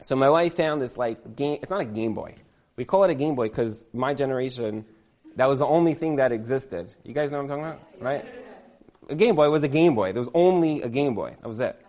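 A man's voice: mid-range voice, animated, a little fast, a little mellow. A man in his thirties telling a rambling comic story, full of fillers and laughing at himself.

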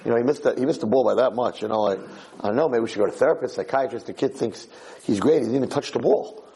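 A man's voice: medium pitch, fast talker, mellow, breathy edge, rough recording. A tired man teaching an informal Torah class, telling a joke in a chatty, storytelling way. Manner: chatty storyteller, acts out the characters. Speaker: rabbi giving a Torah class.

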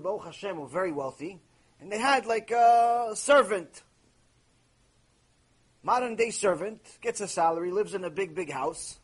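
A man's voice: high-pitched, husky, rough recording. A man giving an impassioned Torah lecture on Mussar, rebuking his listeners and mixing Hebrew terms into his English. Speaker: rabbi teaching Mussar.

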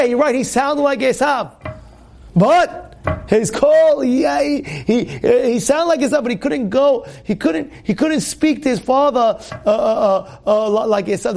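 High raspy-ish guy explaining torah to young people, lots of uh and you know. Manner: animated, repetitive, many fillers and restarts. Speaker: Torah teacher.

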